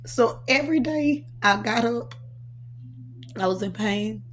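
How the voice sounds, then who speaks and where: A woman's voice: on the high side, expressive, slow, a little hiss or hum. A woman, a prophetess, telling her personal testimony with earnest emotion, recounting it through quoted dialogue.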